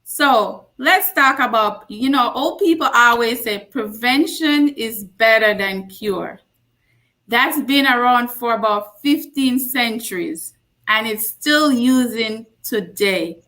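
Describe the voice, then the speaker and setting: Jamaican-born woman in her forties, a nurse, unhurried health talk, bright higher voice. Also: animated. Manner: slow, warm storytelling with emphatic repeats. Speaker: guest speaker, nurse practitioner.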